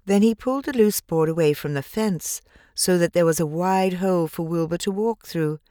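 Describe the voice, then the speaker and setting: A woman narrating a children's storybook in a measured, gentle, expressive way. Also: fairly low pitch, smooth, no echo, studio quality. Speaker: audiobook narrator.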